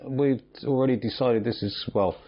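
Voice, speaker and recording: A man's voice: mid-range voice, moderate pace. A man hosting a casual football predictions chat, steadily going through fixtures and asking his co-host's picks. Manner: steady, runs the fixtures list, asks questions. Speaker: host of football predictions show. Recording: slightly dull lo-fi sound.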